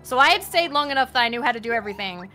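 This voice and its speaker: A young woman races through stories in a casual stream chat, her fairly high voice expressive as music plays in the background. She laughs often and acts out her customers while she chats.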